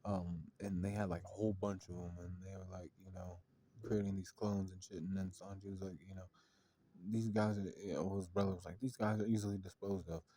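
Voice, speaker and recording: A man's voice: low-pitched, little pitch movement, fairly quick, mellow. A man casually retelling a story in a rambling way, full of fillers and swearing. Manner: rambling, filler-heavy and profane.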